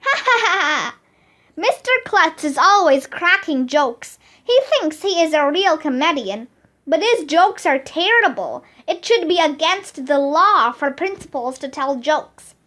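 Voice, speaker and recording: A very high, bright voice reading a children's chapter book aloud. The reading is careful and slow, with each sentence spaced out. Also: expressive. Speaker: read-aloud narrator.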